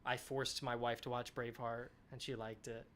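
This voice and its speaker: A man hosts a game developer live stream in a loose, casual chat. He reads viewer comments aloud and answers them on the spot, chatty and enthusiastic. His voice sits at an ordinary mid-range pitch. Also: flat delivery, moderate pace, fairly bright tone, slight background noise.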